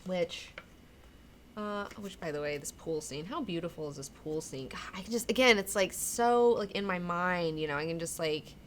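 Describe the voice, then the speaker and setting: Female comic book host, somewhat low voice, rambling casual chat, frank and profane. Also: moderate pace, slight background noise. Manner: rambling and candid, swears freely, acts out characters' lines.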